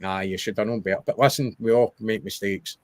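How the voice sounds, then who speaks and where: A man's voice: on the low side, steady tone, brisk, no room sound. A young Scottish man co-hosting a podcast, chatting casually and rambling about football. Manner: chatty, rambling with restarts and wee asides. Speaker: podcast co-host.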